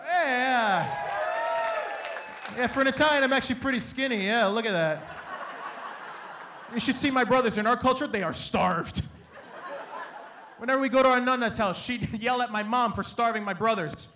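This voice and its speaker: A young man from Canada doing an animated, playful stand-up comedy set on a stage, acting out his family in quick bits. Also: very high voice. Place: comedy stage before a live audience.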